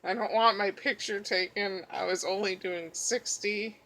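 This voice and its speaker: A woman talks slowly while she pages through a journal, in a bright, forceful voice. She rambles from one story to the next and swears casually. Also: mid-range voice, steady tone. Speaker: craft vlogger.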